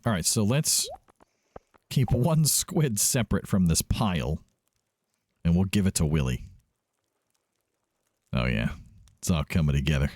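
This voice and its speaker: A low, mellow-voiced man talks through his game in a relaxed, rambling way. He thinks aloud and often corrects himself mid-sentence. His pitch swings widely as he chats. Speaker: let's play host. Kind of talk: casual gameplay commentary.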